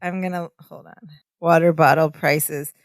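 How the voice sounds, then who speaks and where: A woman's voice: sits low, steady tone, no echo, studio quality. A woman in her forties co-hosting a podcast, chatting casually as she recaps a sitcom episode. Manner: chatty, retells scenes with quick voices. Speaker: podcast co-host.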